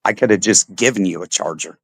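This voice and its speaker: Low gravelly-voiced man telling stories. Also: fairly quick, a bit bright, no echo, low-quality recording. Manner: laid-back, swearing, storytelling with frequent "you know" and "right". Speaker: stream co-host, veteran. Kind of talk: casual chat.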